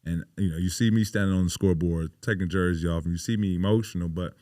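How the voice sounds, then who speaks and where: A man's voice: low-pitched, fairly even intonation, fast talker, mellow, dry recording, clean studio sound. A man in his thirties, a pro basketball player guesting on a podcast, telling stories in a casual, emphatic way with lots of swearing and "you know" fillers. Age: 30s. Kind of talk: casual interview storytelling.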